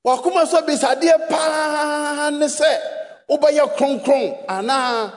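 A Ghanaian man delivers a sermon in a strikingly high voice. He drives each point home with repeated rhetorical questions that swell into shouts. His words ring with the long reverb of a large hall. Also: slow pace. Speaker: preacher.

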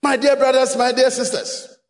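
A Ghanaian man preaching a sermon, emphatic, repeating rhetorical questions and rising to shouts. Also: very high voice, fairly even intonation, moderate pace, big-room sound.

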